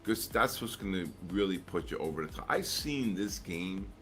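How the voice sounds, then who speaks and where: A middle-aged man with a very deep, low voice tells rambling stories between trades on a live stream, full of "um"s and restarts. Faint music plays underneath. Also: animated, normal speed, a bit bright. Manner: rambling storyteller, many fillers and restarts. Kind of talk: casual chat.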